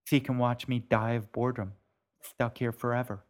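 A man's voice: mid-range voice, little pitch movement, normal speed, lightly acted. A man voicing a bored, irritable teenage girl with a snappy, sarcastic way of talking.

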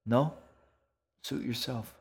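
A man's voice: medium pitch, slow pace, breathy edge, pitched above the performer's own voice, heavily acted. A man voicing a weary, glum male dragon who smokes and grumbles. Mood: grumbling.

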